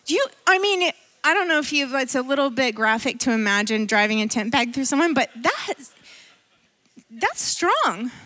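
A woman preaching in a church with a very high voice. She tells the story in a lively, animated way, breaking into laughter often as she goes. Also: normal speed. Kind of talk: sermon.

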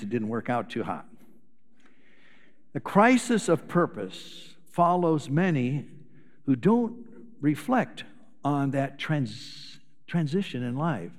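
A man's voice: mid-range voice, long reverb tail. An older man, a retired pastor, preaching a sermon in a folksy storytelling way, sharing anecdotes. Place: church sanctuary.

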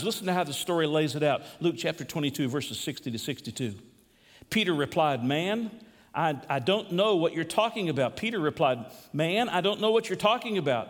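A man's voice: a little high, expressive, a little fast. Preaching man in a reverberant hall. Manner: preaching with dramatic swings between hushed and raised delivery. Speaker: pastor. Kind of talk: sermon.

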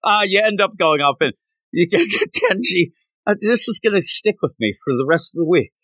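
A man's voice: sits high, animated, a little fast, a bit bright, no echo. A man co-hosting a podcast, casually recapping a manga chapter and acting out the characters' lines in jumpy voices. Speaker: podcast co-host.

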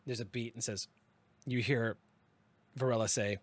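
A man running a tabletop game as game master, narrating scenes in an unhurried, descriptive way with small restarts. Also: mid-range voice, steady tone, dry recording.

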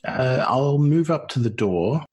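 A man speaking as a blunt, impatient adventurer in a slow, flat way. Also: mid-range voice, husky, pitched below the performer's own voice.

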